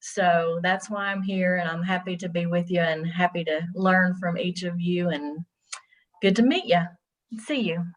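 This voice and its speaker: A woman's voice: fairly low pitch, normal speed, low-quality recording. A woman introducing herself on a video call as a treatment program representative, in an upbeat way.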